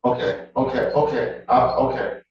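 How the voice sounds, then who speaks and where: A man speaking as a defendant in court. He is emotional and distraught, stammering, halting and apologetic. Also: medium pitch, fairly even intonation, very echoey. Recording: distant, muffled courtroom mic with crowd noise.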